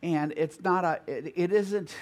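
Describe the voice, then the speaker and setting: Slow, thoughtful man leading Bible study. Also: on the high side. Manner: thoughtful, repeats and restarts phrases while reasoning aloud. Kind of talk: group Bible study teaching.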